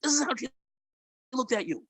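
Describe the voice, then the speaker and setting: A man putting on an Indian accent to play a middle-aged male shop owner who speaks in high, emphatic, drawn-out exclamations. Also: expressive, a bit bright, husky, dry recording, heavily acted. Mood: indignant.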